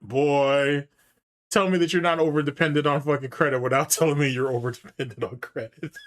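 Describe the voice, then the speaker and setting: A man's voice: fairly high pitch, fairly even intonation, moderate pace, fairly bright tone. A man giving casual, profane commentary as host, mocking and taunting with frequent laughter.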